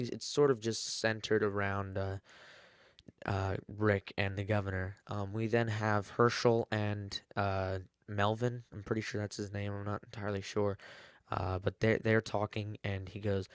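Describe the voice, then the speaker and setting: A man's voice: lowish voice, clean tone, no room sound, clean studio sound. A man giving a rambling, casual episode recap, full of fillers and self-corrections. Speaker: TV episode reviewer.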